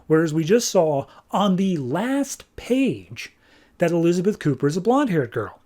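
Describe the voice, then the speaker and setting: Guy on a comics podcast going thru the plot, kinda higher voice, gets fired up over mistakes. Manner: animated, exasperated nitpicking, quick paraphrased dialogue. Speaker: podcast host reviewing comics. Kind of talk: casual recap of a comic.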